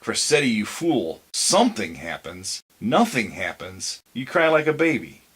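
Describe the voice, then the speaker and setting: A man's voice: fairly low pitch, sing-song, unhurried, a bit bright, slightly rough, exaggerated voice. A man voicing a tearful, wistful old barber in a storybook reading, musing aloud in emotional questions.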